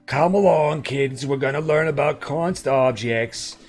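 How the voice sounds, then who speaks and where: A man voicing an old man with a New York accent who calls kids over to learn, in a loud, drawn-out, beckoning way. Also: a little high, faint music behind, pitched above the performer's own voice.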